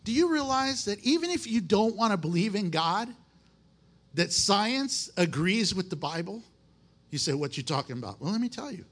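High-pitched guy preaching, folksy and emphatic, chatty sermon style. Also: sing-song, normal speed, a bit bright. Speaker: pastor. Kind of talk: conversational sermon.

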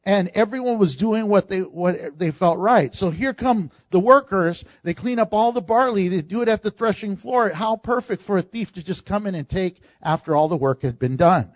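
Animated high-voiced male preacher. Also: moderate pace, few pauses, no echo, muffled recording. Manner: animated, acts out quoted lines, laughs often. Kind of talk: sermon.

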